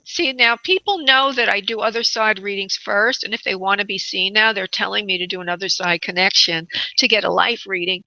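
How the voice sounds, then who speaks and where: Brief: bright, fairly high woman, radio medium host, dry muffled sound. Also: normal speed, dry recording. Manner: calls callers honey and sweetheart. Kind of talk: radio call-in readings.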